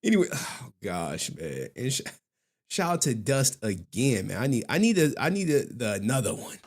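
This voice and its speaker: A man's voice: medium pitch, very animated, moderate pace, a little mellow, breathy edge. A man hosting a live stream in casual commentary, slangy and laughing, with repeated asides.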